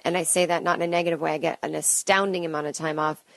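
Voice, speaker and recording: Her low voice comes out fast and flat, with vocal fry and no room sound. She's a comedian in her late thirties doing a rambling, self-deprecating solo podcast at home, chatting in asides into a close studio mic.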